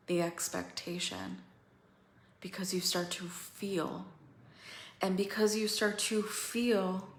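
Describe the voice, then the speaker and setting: A woman coaching other women through a feeling practice, slow and pausing, candid and swearing now and then. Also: fairly low pitch, reverberant. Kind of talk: guided emotional coaching talk.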